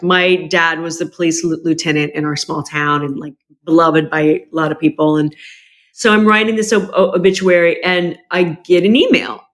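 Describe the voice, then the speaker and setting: A woman being interviewed as a podcast guest, telling a personal story frankly and emotionally, with many restarts, and acting out what her family members said in a raised voice. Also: fairly low pitch. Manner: animated, acts out quoted family members with a lifted voice.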